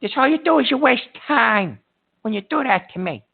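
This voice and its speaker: Irritable man in pain hosting a call-in from a hospital room, husky voice, phone-line sound. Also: very high-pitched, expressive, normal speed. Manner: rambling, irritable, swears, many fillers. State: in pain from a back injury. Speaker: call-in show host. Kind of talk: call-in radio talk.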